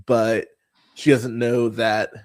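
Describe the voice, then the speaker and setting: With a darkish, flat, mid-range delivery taken at a slow pace, this young podcast host chats about bad movies. His casual review talk is rambling and profane, packed with fillers, frequent laughter, and swoops into mocking impressions.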